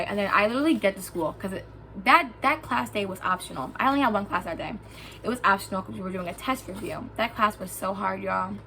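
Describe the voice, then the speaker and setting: A young woman telling a storytime vlog, lively and swearing freely, acting out what people said to her. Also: mid-range voice, slight background noise. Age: young adult. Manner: animated, swearing, acts out quotes. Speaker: vlogger. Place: indoors, lying down at home.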